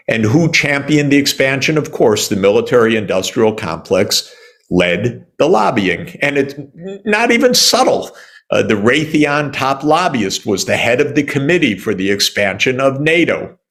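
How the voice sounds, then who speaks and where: A man in his sixties from the United States, answering interview questions in an emphatic, indignant way with sarcastic asides and many pauses. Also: medium pitch, expressive, a bit bright. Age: 60s. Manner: frequent "uh" pauses and restarts. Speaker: economist interviewee.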